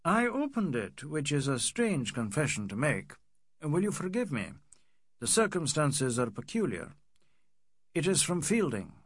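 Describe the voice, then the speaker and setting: A man voicing an earnest middle-aged colonial policeman in an audiobook, speaking slowly and sincerely. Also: a little high, very animated, husky, dry recording, studio quality, heavily acted. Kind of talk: audiobook character voice.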